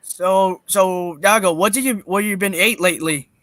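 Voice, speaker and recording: High, bright-voiced laid-back man. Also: moderate pace, no room sound, clean studio sound. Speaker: livestream guest. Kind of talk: casual livestream chat.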